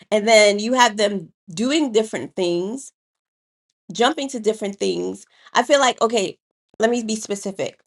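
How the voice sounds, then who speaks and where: A woman in her thirties, co-hosting a casual talk about parenting, chatty and animated, with frequent laughs and slangy asides. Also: on the high side. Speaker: podcast co-host, parent. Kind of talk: casual conversation.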